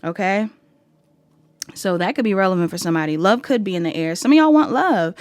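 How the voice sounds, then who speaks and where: A woman's voice: mid-range voice, expressive, brisk, no room sound. Chatty woman tarot reader, dry sound. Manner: chatty, laughs at herself, talks straight to viewers. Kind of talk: casual pick-a-card reading.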